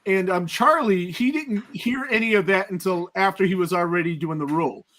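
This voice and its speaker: A male podcast host with a notably high voice. He talks through his points calmly in relaxed conversation. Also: a little fast, slight background noise. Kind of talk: casual interview chat.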